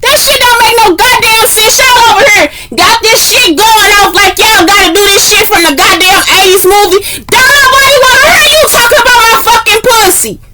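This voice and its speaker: A woman in a heated, profane rant aimed at her viewers, swearing constantly, at times shouting and close to tears. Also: very high voice, normal speed, hardly any pauses, a little hiss or hum.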